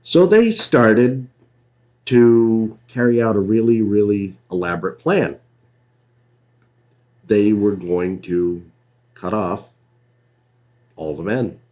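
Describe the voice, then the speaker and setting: A man giving casual writing advice, telling anecdotes in an unhurried, storytelling way with frequent asides. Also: lowish voice, a little mellow. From New England, USA. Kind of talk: casual talk on writing craft.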